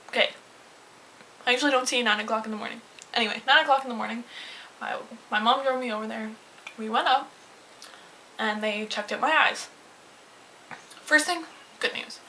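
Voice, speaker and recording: A young woman vlogger telling a story from her day in a chatty, animated way, acting out what people said. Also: fairly high pitch, normal speed, long pauses, slight background noise, poor audio. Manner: chatty, animated retelling with swearing and quoted voices. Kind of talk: casual storytelling vlog.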